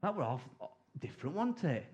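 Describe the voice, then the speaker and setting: A man's voice: a little high, sing-song, moderate pace, a little mellow, dull audio. A middle-aged man preaching a sermon in a chatty, humorous way, acting out prayers and replies.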